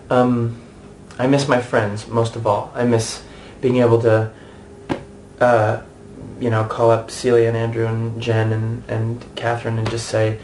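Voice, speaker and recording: American man, thirties, stage actor, chatty and animated, candid interview, medium pitch, faint hiss behind. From United States. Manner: chatty and animated, with many restarts and asides.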